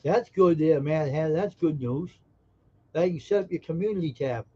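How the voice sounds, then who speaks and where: A man's voice: fairly high pitch, normal speed, dark tone, dull audio. A man hosting a casual live stream, joking brashly and teasing viewers in chat. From Massachusetts.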